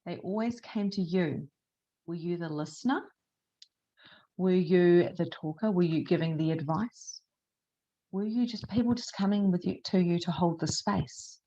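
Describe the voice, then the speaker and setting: A woman's voice: on the low side, unhurried. Chatty woman teaching, lo-fi sound. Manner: animated, chatty, laughs often, swears casually. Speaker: spiritual teacher. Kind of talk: live online masterclass talk.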